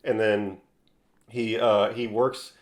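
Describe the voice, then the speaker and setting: A man co-hosting a podcast, casually retelling scenes from a film in quick bursts. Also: on the low side, flat delivery, a little mellow. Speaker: podcast co-host. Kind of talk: casual chat. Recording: echoey room.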